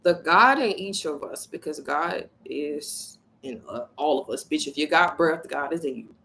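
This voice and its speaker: A woman with a gravelly, bright voice talks casually to her viewers. She is blunt and full of profanity. She acts out the people in her story with lively voices. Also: low-pitched, unhurried, slight background noise, low-quality recording. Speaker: spiritual vlogger. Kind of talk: casual motivational talk to viewers.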